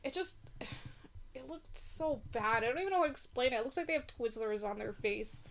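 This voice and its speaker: A woman's voice: on the high side, expressive, a little fast, vocal fry, slight background noise. A woman co-hosting a casual chat, blunt and giggly, swearing now and then. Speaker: podcast co-host reviewing a film.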